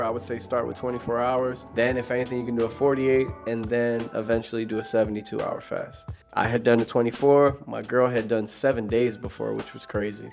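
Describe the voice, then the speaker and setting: Young guy telling a story, chill and slangy, soft music in the back. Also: medium pitch. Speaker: vlogger. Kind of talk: casual storytelling voice-over.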